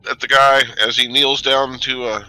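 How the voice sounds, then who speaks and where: A man's voice: medium pitch, flat delivery, moderate pace, pushed and bright, clear, resonant tone, no room sound, rough recording. A man playing in a tabletop game, describing his character's actions plainly. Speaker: player. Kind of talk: casual tabletop play.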